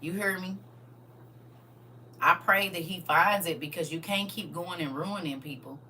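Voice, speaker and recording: A woman speaks in with a bright, forceful voice. She talks straight to her livestream viewers, emphatic and preachy. A faint hum sits behind her. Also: on the low side, unhurried. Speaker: livestream host. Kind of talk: casual livestream talk.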